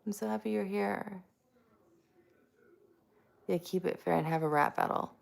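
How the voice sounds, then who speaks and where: A woman's voice: medium pitch, unhurried, vocal fry. A woman hosting a casual live stream, chatty and self-mocking, greeting viewers by name.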